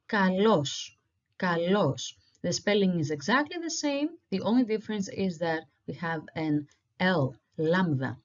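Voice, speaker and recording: Patient woman teaching, slightly low voice. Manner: patient, repeats words slowly for learners. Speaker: language teacher. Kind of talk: online language lesson. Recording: dull lo-fi recording.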